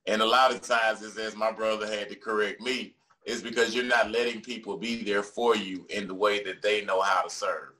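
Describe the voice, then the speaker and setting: A man running a discussion group, speaking in a measured, reflective way. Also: on the low side, level tone, pushed and bright, recorded from a distance, rough recording. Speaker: organizer of a men's discussion group. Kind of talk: reflective panel talk. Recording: voice set back from the mic.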